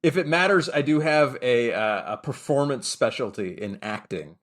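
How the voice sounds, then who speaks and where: A man's voice: medium pitch, expressive, normal speed. A man playing a character in a tabletop role-playing game, talking hesitantly with many restarts. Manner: hesitant, full of fillers and restarts. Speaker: player. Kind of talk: casual tabletop play.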